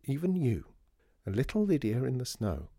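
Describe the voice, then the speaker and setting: A man voicing a stern older woman, a family friend who scolds and then turns gentle. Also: medium pitch, big pitch swings, normal speed, vocal fry, husky, no echo, studio quality, voice pushed up, full character voice.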